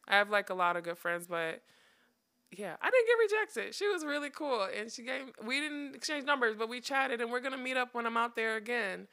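Chatty young woman, bright gravelly voice. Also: mid-range voice. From United States. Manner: chatty, laughing, wry storytelling. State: tired. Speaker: podcast host. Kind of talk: casual chat.

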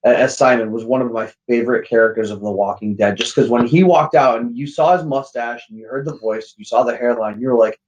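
A man, a podcast guest, telling stories in casual chat with lively, profane acted-out quotes. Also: medium pitch, brisk, hardly any pauses, poor audio.

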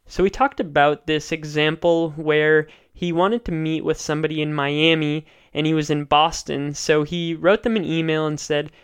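Smooth-voiced male podcast host. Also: fairly high pitch, fairly even intonation. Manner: measured, explanatory, enthusiastic about guests. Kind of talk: solo podcast recap.

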